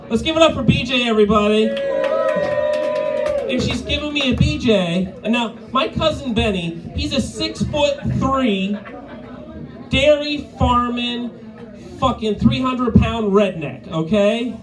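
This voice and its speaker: A man's voice: very high-pitched, animated, measured pace, soft background music, poor audio. A man from Maine doing a live stand-up set, crude and profane, laughing at his own jokes. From Maine, USA. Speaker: stand-up comedian. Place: live comedy venue.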